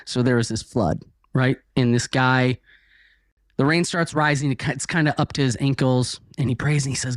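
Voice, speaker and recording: A man's voice: mid-range voice, fairly even intonation, normal speed, no echo, clean studio sound. A man, a podcast guest, chatting casually and acting out a story with voices and sound effects, often checking in with "right?". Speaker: podcast guest, author and speaker. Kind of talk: casual chat.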